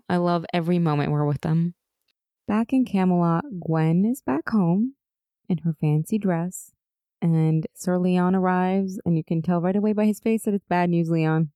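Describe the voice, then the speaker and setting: A woman's voice: fairly low pitch, moderate pace, dark tone, clear, resonant tone, no echo, clean studio sound. A woman co-hosting a casual chat about a TV episode, enthusiastic and gushing, often acting out lines. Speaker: podcast co-host.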